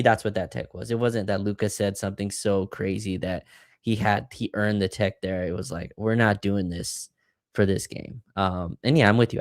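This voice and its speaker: Low-voiced man recapping basketball. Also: no room sound, clean studio sound. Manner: analytical, hedging. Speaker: podcast co-host. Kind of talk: casual sports recap chat.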